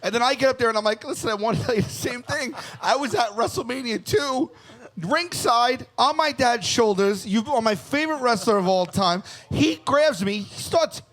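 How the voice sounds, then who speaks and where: A man's voice: very high-pitched, normal speed. A man in his forties telling funny stories as a guest on a live podcast, joking and mocking himself. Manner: animated, joking, self-mocking. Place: live show on a cruise ship.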